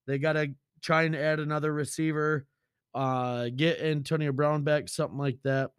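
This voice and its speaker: A man's voice: a little high, flat delivery, moderate pace, clear, resonant tone, no echo. Casual male sports podcast host, loose and profane, dry close sound.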